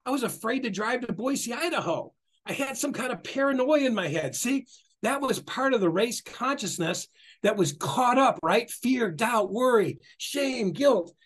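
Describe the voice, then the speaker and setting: A middle-aged man with a notably high, husky voice gives a passionate spiritual talk as a guest speaker at normal speed. He's animated and repetitive, laughing often and acting out the quotes he tells.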